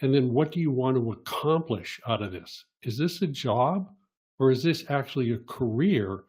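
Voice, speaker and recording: A man with a husky, mellow voice gives career advice on a panel. He talks in an emphatic, coaching way, full of rhetorical questions. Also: medium pitch, animated, normal speed. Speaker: co-host. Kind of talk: panel discussion.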